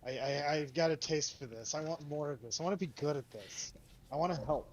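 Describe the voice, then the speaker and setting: A man's voice: a little high, fairly quick, lightly acted. A man voicing an eager young woman archer. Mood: earnest. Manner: earnest, stammering. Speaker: game master.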